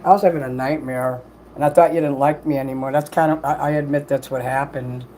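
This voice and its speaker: A man's voice: mid-range voice, fairly even intonation, brisk, a little mellow, a little hiss or hum, rough recording. A man hosting a casual livestream from home, reading chat while he eats and rambles in an apologetic way, swearing here and there.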